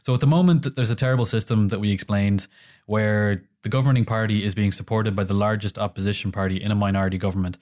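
Laughing Irish podcast co-host. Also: male voice, fairly low pitch, fairly even intonation, quick pace, a little mellow. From Ireland. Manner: chatty, laughs often, sweary banter. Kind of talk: casual podcast chat.

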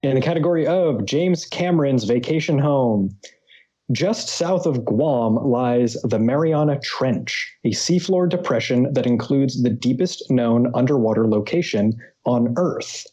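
A man's voice: mid-range voice, measured pace, warm tone, slightly rough, muffled recording. A man hosting a trivia podcast, reading quiz questions with playful jokey asides. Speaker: quiz host.

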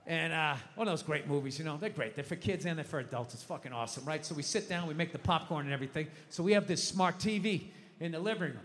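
A man doing profane, animated stand-up storytelling, mock-ranting about home life on a live stage. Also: on the high side, quick pace. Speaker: stand-up comedian. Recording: long hall reverb, faint noise.

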